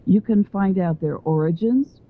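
A woman guest author speaks at a measured pace in a medium-pitched voice during a phone interview. She is talkative and digressive, explaining her ideas at length and wandering between points. The phone line sounds tinny.

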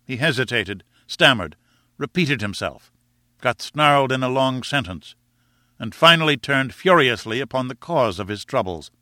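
Bright-voiced man narrating a novel. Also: mid-range voice, no echo, studio quality. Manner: measured, expressive storytelling. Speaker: audiobook narrator. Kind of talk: scripted narration.

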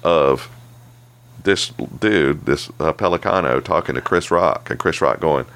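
This podcast co-host has an extremely low, unhurried voice that comes through clear and resonant. He chats casually and tells animated stories packed with swearing.

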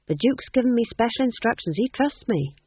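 A man's voice: very high voice, expressive, a little fast, slightly rough, dry recording, pitched above the performer's own voice, exaggerated voice. A reader voicing a timid young male jester who talks hesitantly and earnestly. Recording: tinny, dry phone-like audio.

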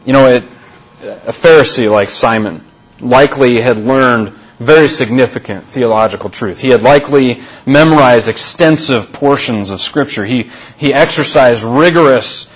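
A male pastor delivering a sermon, deliberate and repeating key phrases for emphasis. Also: mid-range voice, breathy edge, rough recording.

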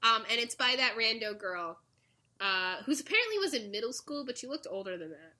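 A woman's voice: a little high, very animated, fairly quick, sharp tone. A young woman casually recapping a show for a podcast, acting out the characters' lines and laughing often. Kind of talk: casual chat.

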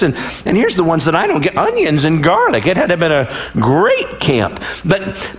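Man, high-pitched, pastor, casual sermon, rhetorical questions, joking asides. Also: huge pitch swings, moderate pace, fairly bright tone.

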